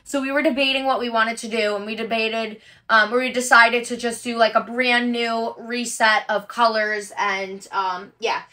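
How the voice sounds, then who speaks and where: A woman's voice: on the high side, steady tone, normal speed, hardly any pauses, sharp tone. A woman hosting a casual livestream as she packs orders, chatty and upbeat, with frequent ums and likes. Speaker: livestream host packing orders.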